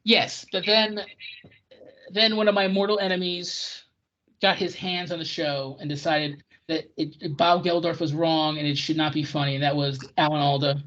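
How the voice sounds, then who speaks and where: A podcast co-host in casual chat about old television, ranting in an excitable way. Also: medium pitch, moderate pace. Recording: dull lo-fi recording.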